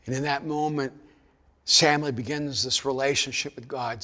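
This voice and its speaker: A man preaching a sermon, moving from quiet storytelling to raised, emphatic delivery. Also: mid-range voice, steady tone, moderate pace, big-room sound. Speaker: pastor.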